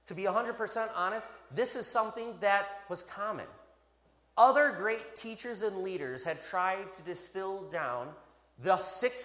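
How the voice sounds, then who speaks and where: Animated preacher in an echoing hall. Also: male voice, on the high side. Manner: animated, emphatic, playful asides. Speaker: pastor. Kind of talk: sermon. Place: church. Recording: echoey hall.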